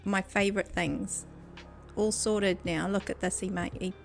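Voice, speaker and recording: Speaking at a measured pace with a medium-pitched, creaky voice and a steady tone, a woman with a New Zealand accent chats with viewers on her gaming stream. She giggles often and talks to chat from a desk mic, with soft music in the background.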